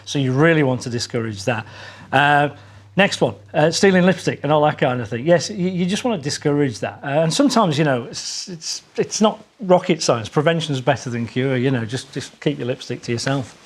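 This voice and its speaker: A man's voice: on the high side, lively intonation, brisk. An English man, a dog trainer, patiently explaining dog behaviour in a TV studio chat. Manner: explains patiently, acts out dog owners' voices.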